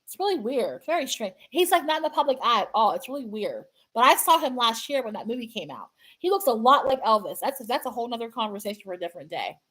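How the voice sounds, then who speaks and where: A woman hosting her own fan channel, chatting casually and sadly to viewers, halting and repeating herself with many fillers. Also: a little high, animated, fairly bright tone, rough recording. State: sad, grieving. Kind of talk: casual livestream chat to viewers.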